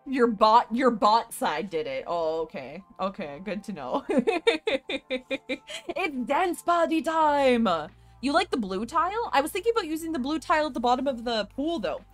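Woman, streamer, higher voice, bouncy lively pitch, chatty, laughs a lot. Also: fairly quick, hardly any pauses, faint music behind. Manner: chatty and expressive, laughs often. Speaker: live streamer. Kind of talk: casual live-stream chat with viewers.

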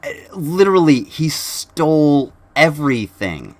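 A man from the US in a casual group chat, talking haltingly with many restarts. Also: a little high, very animated, dry recording. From United States. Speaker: guest.

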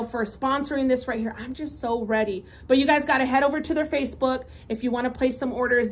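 A woman in her thirties, chatting upbeat to viewers in a home food vlog and mixing in Spanish words. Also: high-pitched. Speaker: mukbang vlogger. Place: home, indoors at a table.

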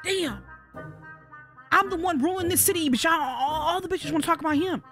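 A woman with a high voice gives a comedic let's-play commentary, cursing and joking back at the game characters. Faint game music sits behind her. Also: a little fast, fairly bright tone. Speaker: gaming channel host.

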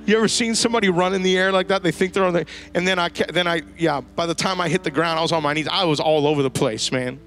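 Pastor, male, slightly high voice, lively storytelling sermon, soft music behind. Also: fast talker, hardly any pauses. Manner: storytelling, animated, slangy asides. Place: church service before a congregation.

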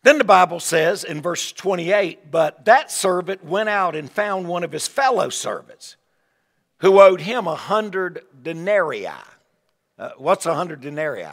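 In the long, echoing reverb of a big church sanctuary, an older evangelist speaks a little slowly in a slightly high, gravelly voice. His revival sermon is folksy and animated, peppered with asides and words he keeps repeating.

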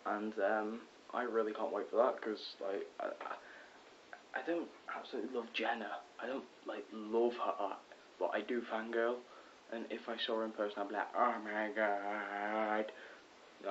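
A teenage boy vlogging from his bedroom, rambling excitedly with lots of ums and self-corrections. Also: lowish voice, normal speed. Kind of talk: casual rambling vlog. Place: bedroom at home. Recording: dull lo-fi with faint hiss.

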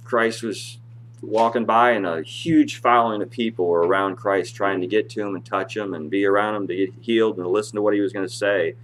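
A man's voice: steady tone, a little fast, a little hiss or hum. Impassioned male preacher reading scripture. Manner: impassioned preaching, reads scripture aloud in a rising voice and drops low to explain. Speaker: pastor. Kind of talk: sermon. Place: church.

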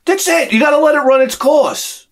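A middle-aged man ranting to camera as a vlogger, profane and sarcastic, dropping to mutters and then shouting his outbursts. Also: very high-pitched, moderate pace. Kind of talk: rambling comic rant to camera.

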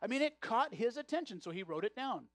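A man's voice: very high voice, sing-song, brisk, fairly bright tone, no echo. A male pastor preaching a sermon, often repeating words as he restarts his phrases.

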